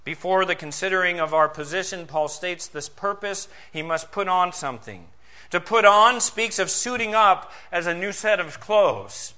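A man gives a sermon as pastor, his delivery shifting between booming emphasis and hushed, low moments, with rhetorical questions throughout.

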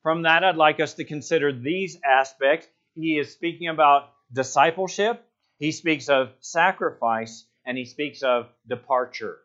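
Emphatic pastor preaching, lo-fi. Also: male voice, a little slow. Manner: emphatic, builds to loud passionate peaks then drops low. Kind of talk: sermon.

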